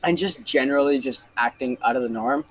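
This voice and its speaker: A man's voice: mid-range voice, fairly quick, rough recording. A young man casually telling a story on a podcast, rambling and full of fillers. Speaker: podcast co-host.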